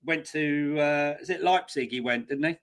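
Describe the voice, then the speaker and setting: A man's voice: fairly high pitch, moderate pace, a bit bright. A man co-hosting a football podcast, making his points emphatically in casual conversation. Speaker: podcast co-host.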